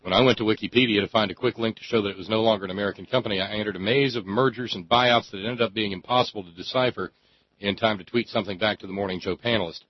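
A man hosting a radio call-in show, talking emphatically with drawn-out phrasing and many fillers. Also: fairly low pitch, steady tone, breathy edge. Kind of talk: talk radio monologue and call-in chat. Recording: dry, slightly dull radio studio sound.

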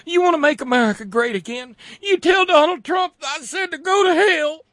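A man voicing a fussy, flustered male senator in shrill, prissy outrage for a satirical rant. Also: normal speed, a bit bright, no echo, clean studio sound.

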